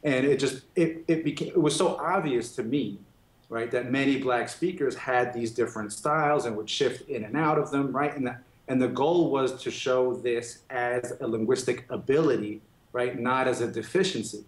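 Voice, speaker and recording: A man speaking as a professor and guest, explaining clearly and steadily at a mid pitch. His voice carries a noticeable echo, as if recorded in a roomy space, and he punctuates his points with "right". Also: normal speed. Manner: articulate, explanatory, frequent "right". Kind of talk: interview. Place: remote studio.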